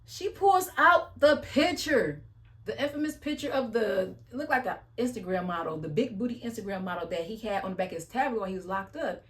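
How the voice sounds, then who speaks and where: Woman vlogger, mid-pitched, casual and blunt, slangy storytelling recap. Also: expressive, a little fast, a bit bright. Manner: chatty, blunt, slangy retelling with sighs.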